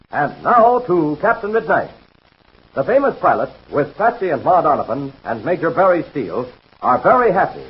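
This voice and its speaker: A man's voice: on the high side, breathy edge. A male announcer reading ads and narration on a 1930s radio serial, emphatic and selling. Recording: muffled old radio recording.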